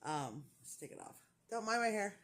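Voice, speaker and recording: A woman's voice: mid-range voice, very animated, normal speed, a bit bright. A woman in casual chat, telling a story with lots of laughter and playing the other people's voices in quotes. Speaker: crochet vlogger.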